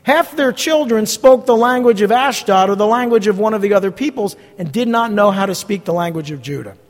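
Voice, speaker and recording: A middle-aged man pastors his congregation with an earnest, blunt, emphatic delivery. His voice sits noticeably high for a man. The sermon rings through a big hall with a long, trailing reverb. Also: animated, fairly quick.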